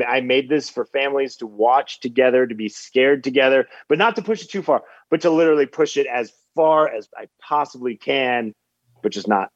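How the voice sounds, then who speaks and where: A man being interviewed about his film, speaking in a halting way with many restarts. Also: medium pitch, no echo, dull audio. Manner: halting, repeats words while thinking. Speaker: film director guest. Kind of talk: casual interview chat.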